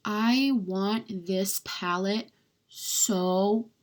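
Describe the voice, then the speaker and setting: A woman's voice: mid-range voice, steady tone, very slow. A young adult woman chatting casually as a beauty vlogger, rambling and gushing with lots of "like", poking fun at herself. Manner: rambling, chatty, heavy use of "like"; gushing, self-mocking. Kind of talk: casual chat.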